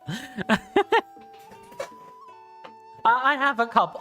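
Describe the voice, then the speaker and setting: Fairly high-pitched, smooth, and a bit bright, this voice belongs to a South Carolina man in his thirties with a British-sounding accent. Hosting a laid-back game stream, he reads chat warmly, rambling with plenty of fillers and restarts.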